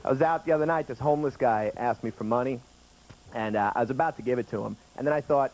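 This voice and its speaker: A man's voice: medium pitch, fast, a little mellow. A man in his thirties performing a stand-up routine on a late-night TV stage, chatty and acting out other people's lines. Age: 30s. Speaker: stand-up comedian. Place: TV studio stage with audience. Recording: noisy 1990s TV broadcast audio.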